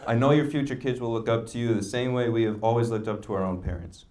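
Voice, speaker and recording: A man's voice: mid-range voice, fairly even intonation, fast. A man, the bride's brother, giving an earnest wedding toast with teasing jokes. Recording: loud crowd and noise behind.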